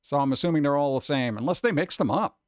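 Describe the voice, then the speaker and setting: Male stream host, casual and self-mocking chat; smooth, dry close-mic sound. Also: on the high side, quick pace, no echo. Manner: rambling, joking, self-deprecating. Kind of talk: casual chat reading viewer comments.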